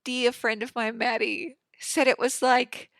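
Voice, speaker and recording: A woman's voice: fairly high pitch, level tone, measured pace, a bit bright, no room sound. A woman, hosting her own podcast in a chatty, effusive, sweary way from a home studio. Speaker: podcast host. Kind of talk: casual solo podcast monologue.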